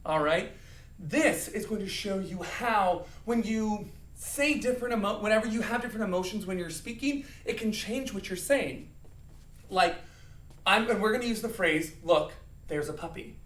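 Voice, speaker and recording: Teaching an acting lesson to young children, a man playfully acts out emotions and counts along. His voice sits high and a bit bright at a moderate pace, picked up from a distance. The room is echoey and he's slightly off-mic.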